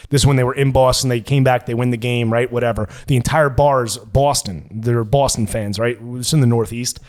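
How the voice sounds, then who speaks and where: A man telling crude, animated stories as a guest on a casual podcast. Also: medium pitch, a little fast.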